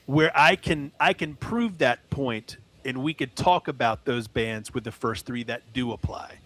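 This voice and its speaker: A man's voice: mid-range voice, measured pace, fairly bright tone, no room sound. A man co-hosting a music podcast, telling a rambling anecdote in casual chat. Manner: rambling anecdote with laughs, acts out voices. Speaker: podcast co-host.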